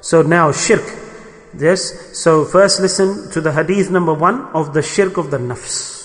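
A man delivers a sermon in a slightly raised voice. He is animated and fervent, slipping into quick acted-out exchanges. The sound rings with the long reverb of a hall. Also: a little high. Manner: animated, rising to fervent emphasis, acts out short dialogues. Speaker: preacher.

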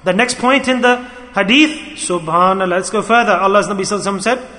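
A man delivering an impassioned sermon in a high, bright voice. He swings from loud calls to the listeners down to hushed asides. The sound rings out with the long reverb of an echoey hall. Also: very fast. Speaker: preacher.

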